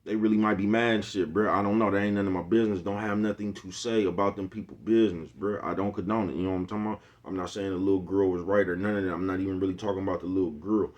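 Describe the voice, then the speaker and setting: Deep-voiced middle-aged guy, laid back, lots of slang, keeps checking in with whoever's listening. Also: fairly even intonation, racing, hardly any pauses, dull audio. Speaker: vlogger. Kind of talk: casual monologue to viewers.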